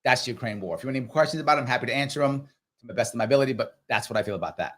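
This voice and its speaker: A middle-aged man hosting a live question-and-answer stream, talking straight to his viewers in a lively, conversational way. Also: mid-range voice. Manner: animated, talks straight to viewers, acts out others in quick voices. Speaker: political commentator and livestream host. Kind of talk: live Q&A commentary.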